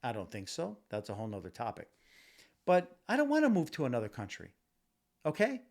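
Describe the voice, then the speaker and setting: A gravelly, mid-range male voice swings hugely in pitch as he rants at a fairly quick clip on his own podcast. He's fired up and repetitive, with plenty of restarts and filler words, recorded on a home podcast setup.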